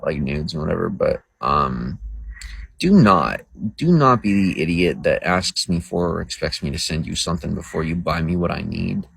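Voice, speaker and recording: A man's voice: low voice, lively intonation, normal speed, vocal fry, husky, dry recording, poor audio. A man livestreaming to viewers in casual talk, crude, boastful and rambling. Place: outdoors by a road.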